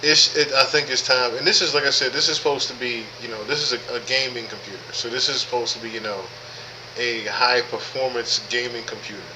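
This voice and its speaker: A man's voice: medium pitch, fairly even intonation, a little fast, background noise. A man hosting a live podcast stream, talking casually with lots of profanity, repeating himself and greeting chat viewers by name. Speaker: podcast host.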